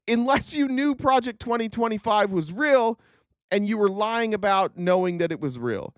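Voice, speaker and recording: A man's voice: sits high, no room sound, studio quality. A man giving blunt, sarcastic political commentary on a live stream, swearing freely and restarting his sentences often. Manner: rambling with frequent restarts and laughs.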